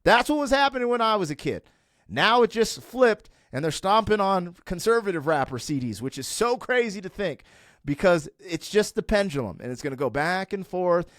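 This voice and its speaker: A middle-aged man in candid conversation, his voice sitting a bit high for a man. He rants with emphasis and builds to fervent peaks. The sound is dry and close on the mic. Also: big pitch swings, normal speed, a bit bright, no room sound. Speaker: podcast guest.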